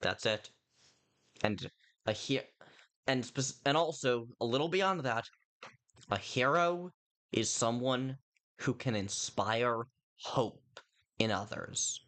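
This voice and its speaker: Rambling streamer with a lively pitch. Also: slow, pauses often. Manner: rambling, with frequent self-interruptions and restarts; chats directly to viewers in chat. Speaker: livestreamer reviewing a film. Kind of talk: casual stream commentary.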